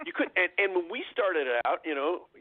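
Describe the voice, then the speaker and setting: A man in his sixties from Southern California, a guest musician telling stories in a relaxed, chatty way during a radio interview. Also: high-pitched, moderate pace, no echo. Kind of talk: casual radio interview storytelling. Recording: dry phone-line sound.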